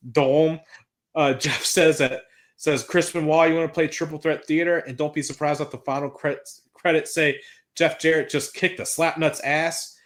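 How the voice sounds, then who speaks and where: A man with a slightly high voice chats through a wrestling recap in a loose, excitable way. He swears freely and reads out promo lines as he goes. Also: normal speed. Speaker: podcast co-host recapping wrestling. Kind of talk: casual recap chat.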